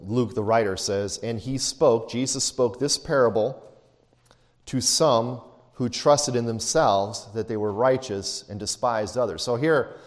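Preaching man in a reverberant hall. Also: medium pitch. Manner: expository preaching, reads scripture then explains it; acts out quoted voices, snooty for the Pharisee. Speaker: pastor. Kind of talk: sermon.

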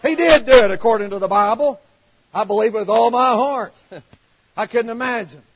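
A fervent male preacher with a strikingly high voice. He drops into quiet asides, then builds to ringing, shouted praise, in a revival-style sermon. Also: normal speed, breathy edge, rough recording. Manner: fervent, swinging from soft asides to shouted declarations.

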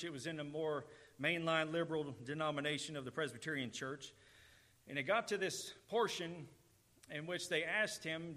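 A man's voice: a little high, pushed and bright. A man preaching a sermon, earnest and emphatic, repeating key words for stress. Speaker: pastor.

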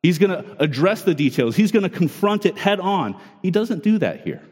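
A man's voice: high-pitched, very animated, normal speed, darkish tone, slightly rough. A man, in his thirties or forties, preaching a sermon in an earnest, conversational way, often restarting and repeating words. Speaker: pastor. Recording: long hall reverb.

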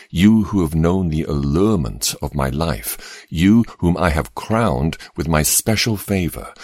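A man giving a slow, solemn, earnest devotional reading, with measured emphasis. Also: rumbling low, a little mellow, breathy edge, dry recording, clean studio sound. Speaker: devotional reader.

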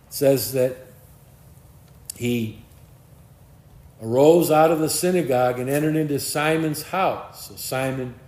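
A man preaching an expository sermon, reading scripture aloud and explaining it verse by verse in a measured teaching tone. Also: medium pitch, a little mellow. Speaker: pastor. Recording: echoey room sound.

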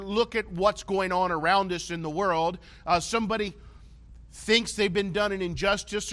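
A man's voice: high-pitched, fairly bright tone. A male pastor preaching a conversational sermon to his congregation, often checking in with "okay?".

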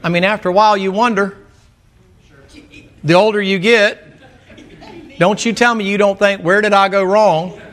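A man's voice: high voice, steady tone, moderate pace, long pauses, a bit bright. A man preaching a sermon, folksy and joking, calling out to the congregation for responses. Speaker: pastor.

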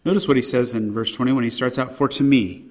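A man's voice: medium pitch, fairly even intonation, quick pace, darkish tone. A man preaching a sermon with emphasis, his voice rising on quoted scripture, with fillers and restarts between points. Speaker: pastor. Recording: long hall reverb.

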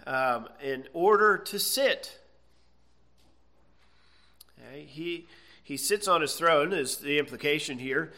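A man preaching, his voice bright, clear and set a little high. He drives points home with slow, stretched emphasis and keeps checking in with the room, steady and earnest from start to finish. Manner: earnest, emphatic, with drawn-out stresses and "okay?" checks. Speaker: pastor. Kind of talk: sermon.

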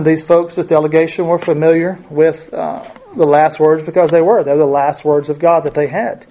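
A man with a somewhat high voice teaches a Bible lesson, reading verses and explaining them. He talks conversationally, full of fillers and rhetorical questions. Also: darkish tone.

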